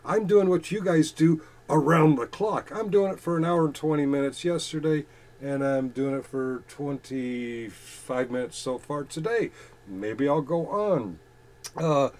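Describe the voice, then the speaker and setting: A man with a middle-pitched voice reads chat comments aloud on his channel. He mocks commenters with profanity and laughs often. His delivery swings between loud excited bursts and low muttered asides. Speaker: YouTuber reading chat.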